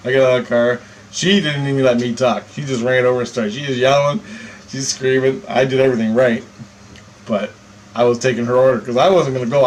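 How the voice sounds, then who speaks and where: A man telling a personal story in a casual monologue, animated and profane, chuckling between lines. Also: mid-range voice, a little hiss or hum, low-quality recording. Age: adult.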